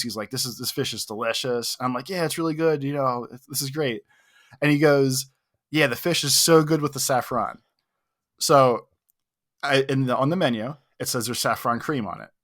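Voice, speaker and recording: A man's voice: mid-range voice, fairly bright tone. A young man co-hosting a podcast, telling a long, self-mocking story in a casual, rambling way full of "like". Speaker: podcast co-host.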